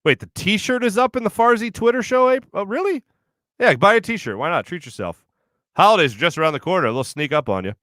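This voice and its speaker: In a clean studio with no room sound, a sports radio host in his thirties reads viewer comments in casual conversation, laughing and telling rambling stories. His voice is high, animated, fairly quick and a bit bright.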